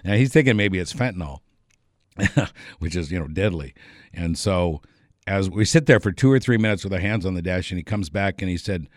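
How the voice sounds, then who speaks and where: A man casually telling a long anecdote, relaxed and rambling, chuckling often along the way. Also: low-pitched, normal speed, no echo, clean studio sound. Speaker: storyteller.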